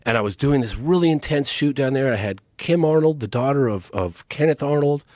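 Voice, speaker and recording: A man's voice: mid-range voice, expressive, a little fast, a little mellow. A man speaks as a podcast guest, earnest and urgent, in a mid-range voice. The sound is dry and close to the mic, with no room echo. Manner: earnest, urgent, pleading appeals. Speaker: podcast guest, documentary filmmaker. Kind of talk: casual interview talk.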